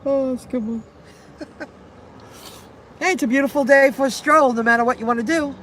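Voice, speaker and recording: A woman's voice: high-pitched, normal speed, fairly bright tone, a little hiss or hum. A middle-aged woman chatting casually on a live stream into her phone from a parked car, rambling and repeating herself as she answers viewers. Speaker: delivery driver live streamer.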